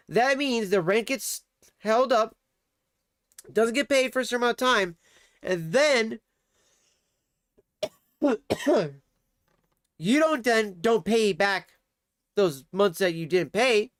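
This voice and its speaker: This is a man streaming live from his home, reacting to a clip in loose, profane chat. His voice is smooth and clean, and it sits close and dry with no room sound around it. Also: high-pitched, fairly bright tone, no echo. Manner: crude, ranting, swears often. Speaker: livestreamer reacting to a video. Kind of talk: casual livestream chat.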